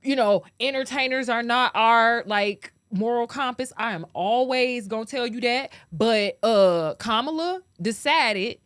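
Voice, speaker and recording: A woman hosting a podcast, ranting casually to her viewers, animated, laughing often and swearing freely. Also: on the high side, measured pace, hardly any pauses, no room sound. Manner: talks straight to viewers as "y'all". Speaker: podcast host. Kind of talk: casual opinion rant to camera.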